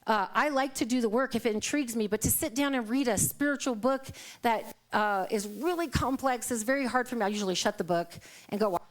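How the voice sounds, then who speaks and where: A woman's voice: fairly high pitch, brisk. A middle-aged woman minister giving a live sermon in a church, telling stories in a chatty way and acting out the quotes, often laughing. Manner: conversational, storytelling with acted quotes and laughter. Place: church sanctuary.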